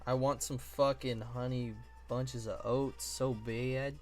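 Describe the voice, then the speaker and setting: A man's voice: medium pitch, flat delivery, takes it slowly, darkish tone, soft background music. Playful, joking man live streaming. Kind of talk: casual live-stream chat while building models.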